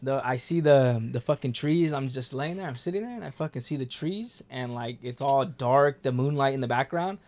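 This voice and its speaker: A man's voice: medium pitch, normal speed, hardly any pauses, darkish tone. A young man telling a story in casual talk, laid-back and profane, with lots of filler words.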